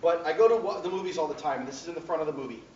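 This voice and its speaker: A man's voice: a little high, rapid-fire, darkish tone, distant mic, slight background noise. A man teaching a class, telling a story and often checking in with his students. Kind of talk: classroom lecture. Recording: echoey classroom taped from afar, dull.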